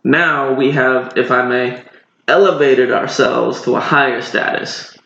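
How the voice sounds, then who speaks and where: On a casual podcast with beer reviewing, a co-host from North Carolina talks at length about beers in a relaxed, wandering manner. He speaks at a measured pace in a steady, medium-pitched voice that is creaky and fairly bright, over roomy, dull lo-fi sound.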